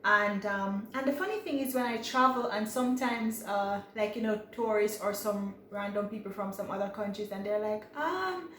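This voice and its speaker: A woman's voice: medium pitch, fairly even intonation, moderate pace, hardly any pauses, fairly bright tone. A young adult woman from Jamaica with a Jamaican accent, chatting casually and reflectively to camera, with many fillers and restarts. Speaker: vlogger. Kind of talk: casual personal talk to camera. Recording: echoey room with faint ambient noise.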